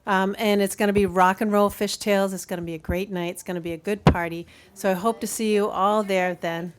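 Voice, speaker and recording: A woman's voice: mid-range voice, fairly even intonation, fairly quick, crowd noise. Woman hosting a live storytelling night. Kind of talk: closing announcements at a live event.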